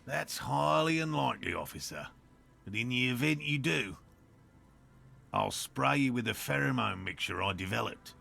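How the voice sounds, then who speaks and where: A man's voice: medium pitch, expressive, normal speed, creaky, pushed and bright, soft background music, heavily acted. An actor playing a pompous, self-assured male cryptozoologist in a video game, with an Australian accent and a lecturing manner. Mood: condescending.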